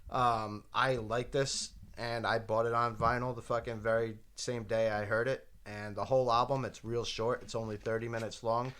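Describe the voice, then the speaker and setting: A man's voice: mid-range voice, normal speed, hardly any pauses. Easygoing man chatting about a record. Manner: relaxed, easygoing, many short agreements. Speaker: podcast co-host. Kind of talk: casual chat about music.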